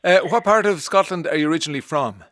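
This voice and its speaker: Irish male radio host, studio mic, a touch high-pitched, teasing, talky, stammers through restarts. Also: fast talker, a bit bright, no echo. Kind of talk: casual radio chat. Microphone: studio microphone.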